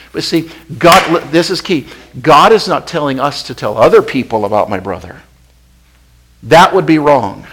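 Impassioned preacher man, fairly high voice. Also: low-quality recording. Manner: impassioned, swinging from loud outbursts to hushed near-whispers. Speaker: pastor. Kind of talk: sermon.

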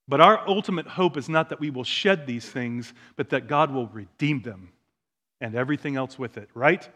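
A man pastor preaching a sermon in a church, moving between quiet, slow asides and loud, emphatic declarations. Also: medium pitch. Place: church sanctuary.

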